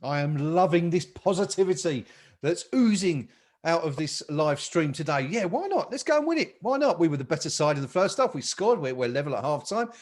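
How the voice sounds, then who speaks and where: A man's voice: fairly high pitch, sing-song, a little fast, darkish tone. A man hosting a live football chat stream, upbeat and reading out viewer comments. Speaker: podcast host.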